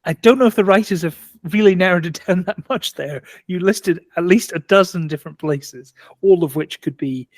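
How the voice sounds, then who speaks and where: Higher-voiced man, dry close sound. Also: normal speed, hardly any pauses, no room sound. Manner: thoughtful, restarts mid-sentence, laughs easily. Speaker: podcast panelist. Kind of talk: casual tabletop gaming chat.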